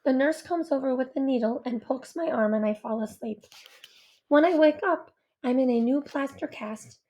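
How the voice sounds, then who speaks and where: A woman narrating a first-person novel in a gentle, wistful way. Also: high-pitched, moderate pace. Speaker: audiobook narrator.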